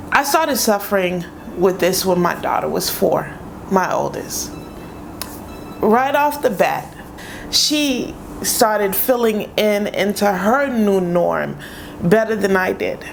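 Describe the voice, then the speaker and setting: A woman's voice: mid-range voice, creaky, slight background noise, rough recording. A woman in her thirties telling an emotional personal story to her vlog audience, acting out what people said. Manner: emotional, animated, acts out quoted voices. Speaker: vlogger.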